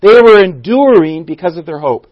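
A man's voice: high voice, expressive, moderate pace, no echo, highs cut off. A man teaching a Bible study in a church, who asks the audience questions, restarts his sentences and leans on key words. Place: church room.

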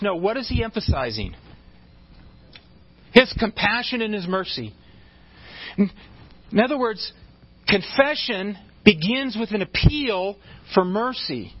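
A male pastor with a high, breathy voice and big pitch swings preaches a little slowly, pausing often, on dull audio. He speaks conversationally, restarting phrases, making asides, and joking with the congregation.

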